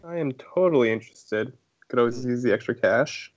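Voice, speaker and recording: A man's voice: mid-range voice, fairly quick, dull audio. A man playing a tabletop game over voice chat, easygoing with brief replies. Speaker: player. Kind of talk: casual tabletop play.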